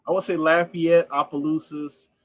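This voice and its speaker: A man from Louisiana hosting a podcast in a relaxed, casual chat, often repeating himself and laughing. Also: fairly high pitch, normal speed, no echo. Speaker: podcast host.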